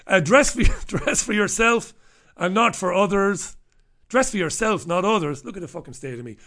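A middle-aged man from Ireland hosts a radio show in a high-pitched, bright, forceful voice, animated and at a moderate pace. He meanders through a checklist in a casual comic monologue, swearing freely with irreverent humor.

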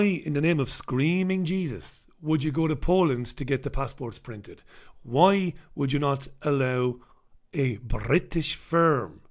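A man's voice: a little high, a little mellow. An Irish man putting on an outraged ranting Brit. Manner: slow, outraged rhetorical questions. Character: indignant British man ranting about jobs.

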